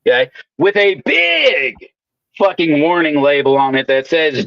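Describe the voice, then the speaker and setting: This welder co-host, a swaggering storyteller, swaps rowdy work stories in casual chat and swears constantly. His voice is a little high and somewhat bright, on a lo-fi recording with no room sound.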